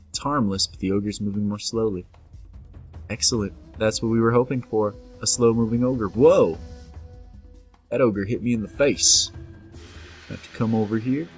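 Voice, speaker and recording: A man's voice: on the low side, moderate pace, pauses often, slightly rough. A man casually narrating a video game as he plays, joking with the enemies on screen and reading the game's messages aloud. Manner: playful, talks to enemies, reads game text aloud. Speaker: gameplay commentator. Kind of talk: casual let's-play commentary. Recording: faint game music behind.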